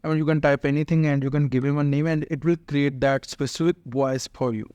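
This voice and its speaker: A man's voice: on the high side, fairly even intonation, brisk, a little mellow, clean tone, no echo. Chatty male tech tutorial host. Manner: chatty, many "uh" fillers, explains step by step. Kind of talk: casual screen-recorded software walkthrough.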